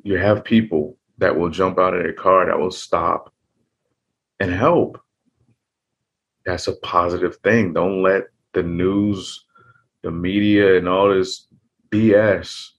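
A man's voice: low-pitched, gravelly, breathy edge. A man talking earnestly in a rambling, casual monologue, often restarting his sentences.

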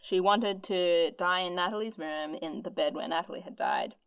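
A woman's voice: normal speed, gravelly, clear, resonant tone, no room sound. A woman casually telling a history story on a podcast, acting out quotes with big jumps in her voice. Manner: animated, acts out quotes with big pitch jumps.

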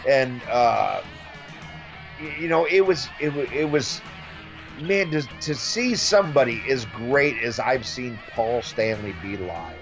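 A middle-aged man in casual chat, animated and swearing freely, often mimicking others. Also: medium pitch, slow, dull audio, music in the background.

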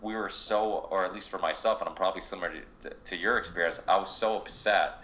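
A man's voice: low voice, fast talker, bright, forceful tone, poor audio. A man hosting a podcast, talking casually in long rambling stretches, with frequent restarts and swearing. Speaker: podcast host. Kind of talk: casual interview chat.

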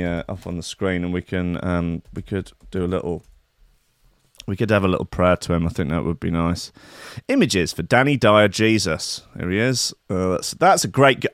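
A man's voice: lowish voice, no room sound, clean studio sound. A man hosting a comedic morning show, rambling and swearing playfully. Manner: rambling, profane, playful mock-cockney bits. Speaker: show host. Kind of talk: casual comedic monologue with swearing.

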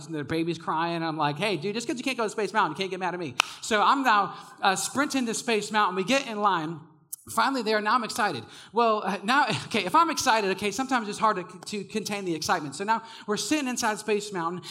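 A young male preacher with a high-pitched voice and a bright, forceful edge. He tells casual stories to his congregation with lots of energy and frequent laughter. He shouts when he gets carried away. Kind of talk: sermon.

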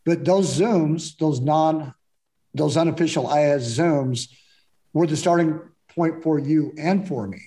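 A man's voice: on the high side, measured pace, mellow. A man speaking reflectively in a candid chat, in short plain sentences about his own experience.

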